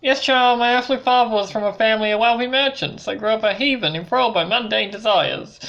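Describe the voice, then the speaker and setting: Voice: medium pitch, a little fast, vocal fry, fairly bright tone, muffled recording, pitched above the performer's own voice. A gamer reading a devout priest's lines aloud in a raised, lofty voice while playing a game. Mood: solemn. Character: devout middle-aged priest, solemn and preachy.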